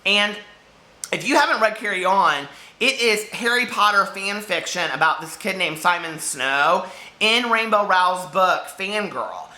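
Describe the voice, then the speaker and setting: A man's voice: high-pitched, animated, unhurried, pushed and bright, reverberant. A man chatting casually about books he read this week, rambling and giggling, overheated in a hot room. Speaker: book vlogger. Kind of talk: casual chat.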